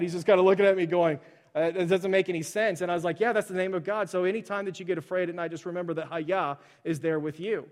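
A male pastor gives a sermon in a casual, chatty way, often stopping to restart and filling gaps with "um" and "like." His voice sits a little higher than most men's. He tells stories with plenty of animation. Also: fast talker. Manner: conversational, with many fillers and restarts; animated storyteller.

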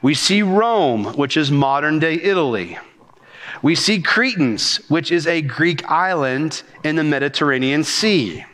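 A man preaching a sermon as pastor, with rhythmic, animated delivery and quick bursts of speech. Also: on the high side, long reverb tail.

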